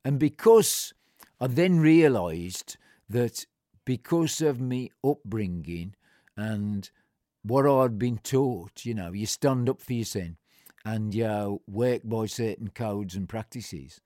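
A man's voice: expressive, slow, no echo, clean studio sound. An older man recounting a personal story in a blunt, plain-spoken and colloquial way, acting out remembered exchanges. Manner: acts out remembered exchanges with shifting pitch and loudness.

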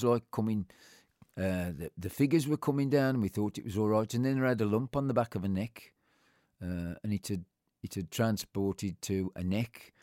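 A man's voice: on the low side, darkish tone, no room sound, clean studio sound. A middle-aged man, telling personal memories in a rambling, heartfelt way. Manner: rambling, heartfelt storytelling with frequent restarts. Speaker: interviewee. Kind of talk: personal reminiscence.

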